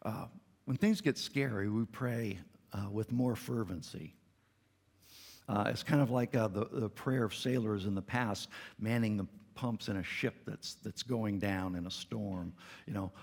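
A man's voice: lowish voice, moderate pace, gravelly, a little mellow, slightly rough, big-room sound. A middle-aged man preaching a sermon in a church, earnest and conversational with touches of light humor. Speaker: pastor. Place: church sanctuary.

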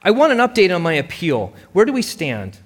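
A man's voice: sits high, huge pitch swings, a little fast, husky, long reverb tail, voice pushed up, exaggerated voice. A man voicing a determined mother who confronts an insurance company with pointed, indignant questions. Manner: indignant, pressing, sharp questions.

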